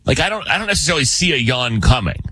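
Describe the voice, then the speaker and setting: A man's voice: mid-range voice, sing-song, fast, bright, forceful tone, slightly rough, no echo. A man hosting a morning radio show, chatting in a rambling way and laughing often. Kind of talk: casual morning show banter.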